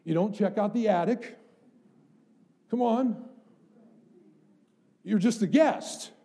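A man's voice: sits high, normal speed, dark tone, husky. A middle-aged man preaching a sermon as pastor, emphatic, building up with rhetorical questions to the congregation.

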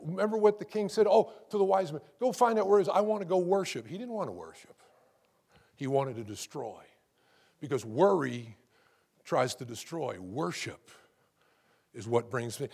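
A man's voice: mid-range voice, animated, moderate pace, gravelly, a little mellow, slightly rough. A male pastor preaching a sermon, calling out to the congregation with asides and building to fervent emphasis.

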